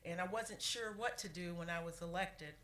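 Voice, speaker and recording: A woman serving as city clerk gives a heartfelt, halting tribute at a council meeting, pausing often and fighting back tears. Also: on the low side, fairly bright tone. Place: council chamber. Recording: echoey chamber with faint room noise.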